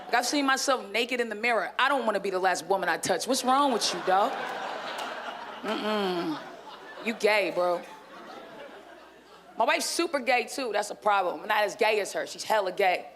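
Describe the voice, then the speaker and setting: A woman's voice: medium pitch, lively intonation, normal speed, pauses often, crowd noise. Brash, crude woman comic in her thirties. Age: 30s. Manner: brash, crude, profane punchlines. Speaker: stand-up comedian. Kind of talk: stand-up set. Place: comedy club stage.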